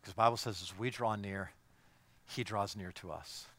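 A man's voice: fairly low pitch, fairly even intonation, moderate pace, fairly bright tone, no echo. A male pastor preaching a sermon in an emphatic, repetitive style that builds in intensity.

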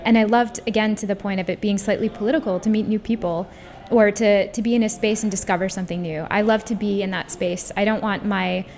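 A woman's voice: medium pitch, steady tone, fast, a little mellow. A woman, a guest on a radio show, talking in an earnest, thoughtful way with many fillers. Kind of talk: casual interview.

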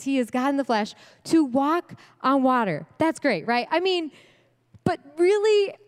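A woman delivering a sermon at a women's event, animated and slangy, laughing often. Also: sits high. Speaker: speaker at a women's ministry event. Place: church event hall. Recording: long hall reverb.

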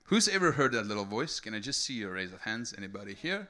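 Bright-voiced man preaching his testimony. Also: on the low side, quick pace, few pauses. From South Africa. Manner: energetic storytelling with many rhetorical "right?" tags. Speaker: speaker giving testimony. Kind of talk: sermon testimony to a live audience.

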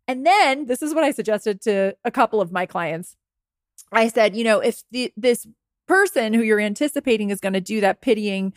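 Casting: thirties woman, podcast coach, higher voice, dry close sound, animated mimicry of dialogue. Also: normal speed, dry recording. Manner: animated, acts out quoted lines in a higher voice. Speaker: dating coach. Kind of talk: podcast monologue.

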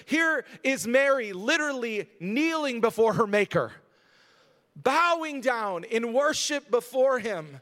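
A man's voice: extremely high pitch, very animated, takes it slowly, bright, forceful tone. A male pastor giving a conversational sermon that builds to emphatic moments, recorded in a church sanctuary. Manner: conversational preaching, rising to emphatic. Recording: long hall reverb.

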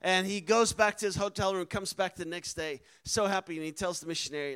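A man telling a story from the mission field with animated energy, building to loud, emphatic peaks. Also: sits high, a little fast, few pauses, smooth. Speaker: missionary speaker. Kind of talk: storytelling sermon.

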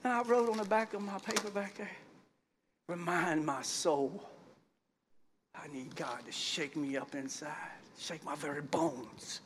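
A middle-aged man preaching a sermon in a folksy style, swinging from quiet asides to loud shouts. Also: a little high, a little slow, a little hiss or hum.

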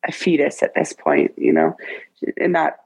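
A woman around forty, a guest in an interview, tells a personal story in an emotional, halting way with many restarts. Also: sits low, sing-song, vocal fry, a little mellow, breathy edge, no room sound, poor audio.

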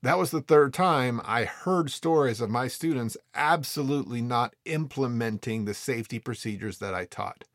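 A male freediving instructor tells stories of his teaching in a relaxed, chatty way. He talks fast and animated and voices the people in his anecdotes. The sound is close and dry. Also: mid-range voice, dry recording. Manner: animated, quick, acts out quoted people. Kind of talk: casual storytelling talk.

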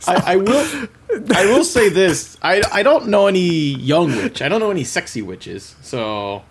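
A man's voice: high voice, big pitch swings. Playful man in his late thirties, noisy recording. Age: 30s. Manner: playful, teasing, quick to laugh. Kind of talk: casual comedic podcast chat.

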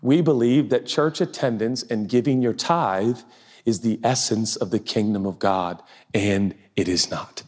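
A male pastor giving a sermon, animated and joking, with rhetorical questions. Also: fairly low pitch, a little slow.

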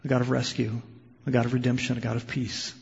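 A male pastor preaching a sermon, moving between loud, impassioned emphasis and quiet, hushed storytelling. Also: mid-range voice, completely flat delivery, fast talker, vocal fry, husky. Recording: lo-fi sound with long hall reverb.

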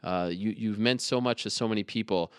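Speaking on the low side and fairly quickly, this thirties-aged interview host addresses his guest earnestly, then turns to upcoming events. The voice is smooth, with no room sound.

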